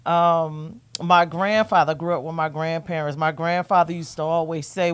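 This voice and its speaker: A woman's voice: low-pitched, steady tone, moderate pace, hardly any pauses, smooth. Black lady chatting, telling her story, laughs a lot. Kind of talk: casual chat.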